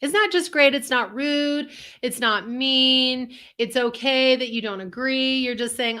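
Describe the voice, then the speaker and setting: A woman's voice: high-pitched, unhurried, few pauses, bright, forceful tone, clean tone. A woman co-hosting a live online self-help show, talking in an upbeat, earnest, encouraging way over a video call. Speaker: co-host, empath coach.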